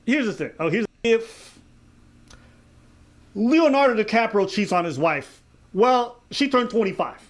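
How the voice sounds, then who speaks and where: A man's voice: high voice, very animated, measured pace, pauses often. A man co-hosting a casual reaction chat, arguing his point and explaining it with examples. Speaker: co-host.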